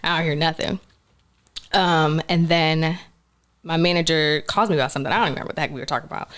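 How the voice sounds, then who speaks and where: A young woman with a lowish voice tells a story in a relaxed interview. She is animated and laughs easily, slipping into the voices of the people she quotes. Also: fast. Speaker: actress guest.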